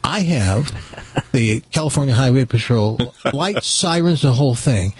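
A man's voice: mid-range voice, very animated, normal speed, darkish tone, slightly rough, dry recording. A middle-aged man telling funny stories in casual talk, acting out the dialogue of the people in them. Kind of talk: casual storytelling.

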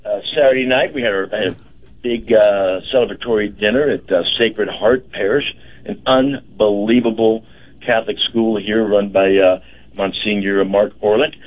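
A middle-aged man hosts a casual radio chat and rambles, full of fillers and restarts. His voice sits low. The sound is dull and lo-fi, like an old radio feed. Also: steady tone, moderate pace. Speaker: radio host.

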